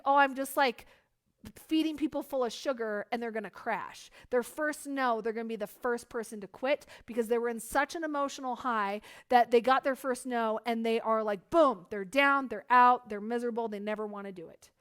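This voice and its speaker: A woman giving a lively motivational business coaching talk, full of "like" fillers and acted-out examples. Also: on the high side, a little fast. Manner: energetic, acts out hyped voices, many "like" fillers.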